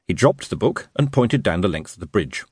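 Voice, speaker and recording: A man narrating an audiobook with an expressive, lively reading. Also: sits low, brisk, breathy edge, no echo, clean studio sound. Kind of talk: scripted storybook narration.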